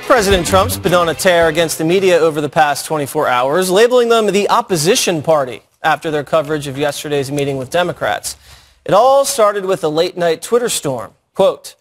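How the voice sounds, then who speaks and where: A man's voice: on the high side, expressive, fairly quick. A man hosting a cable news panel, reading quotes and joking with wry chuckles. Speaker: panel show host.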